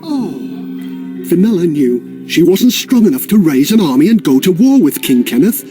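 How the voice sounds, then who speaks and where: A man's voice: high-pitched, sing-song, normal speed, music in the background. Playful sing-song male storyteller. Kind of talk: scripted narration for children.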